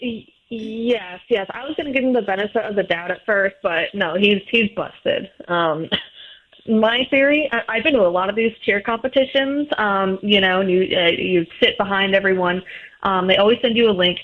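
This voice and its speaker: A woman's voice: medium pitch, moderate pace. Woman, radio caller, hesitant, tinny phone line. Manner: hesitant, many fillers. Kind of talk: phone call into radio show.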